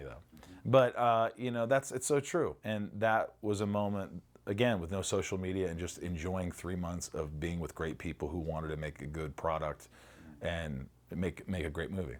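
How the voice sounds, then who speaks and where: Middle-aged actor guy reminiscing in an interview, kinda low voice, animated, swears a lot. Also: normal speed. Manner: animated storyteller, swears freely, acts out lines.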